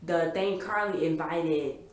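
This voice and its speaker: A woman giving a rambling, excitable casual recap of a TV episode, full of fillers. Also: sits low, slow pace, roomy sound. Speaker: TV recap vlogger.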